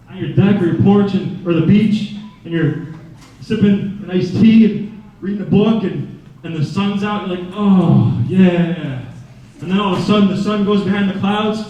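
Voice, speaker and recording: A man giving a lively storytelling talk to children at a school assembly, breaking into high sung imitations. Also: normal speed, dull audio. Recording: echoey hall from far off.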